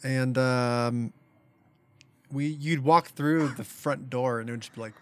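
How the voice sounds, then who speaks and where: A young man in casual chat with a laid-back, drawn-out delivery. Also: medium pitch, fairly even intonation, dry recording.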